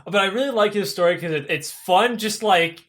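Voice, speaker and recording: A young man hosting a podcast, retelling myths in a profane, animated, comedic way and laughing often. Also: sits high, normal speed. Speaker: podcast host. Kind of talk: comedic casual storytelling.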